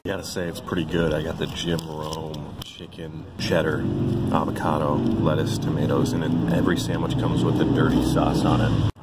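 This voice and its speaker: A man's voice: very deep voice, flat delivery, moderate pace, loud music behind the voice. An American young man chatting playfully to viewers in a casual vlog. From United States. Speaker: vlogger.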